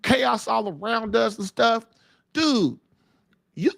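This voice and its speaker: High-pitched gravelly male host, fiery. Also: lively intonation, slow pace, fairly bright tone, no echo, clean studio sound. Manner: emphatic, folksy slang, repeats phrases for punch. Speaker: podcast host. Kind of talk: preaching-style casual talk.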